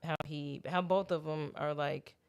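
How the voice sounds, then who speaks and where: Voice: medium pitch, fairly even intonation, clean tone. A podcast co-host in casual chat, agreeing readily and riffing with jokes. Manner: chatty, quick to agree and joke.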